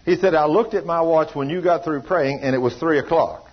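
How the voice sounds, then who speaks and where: A storytelling preacher, a man with a rather high, husky voice, who slips into the voices of the people in his tales. The recording sounds dull and lo-fi. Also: fairly quick. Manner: storytelling preacher acting out dialogue in a folksy drawl. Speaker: pastor. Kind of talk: sermon.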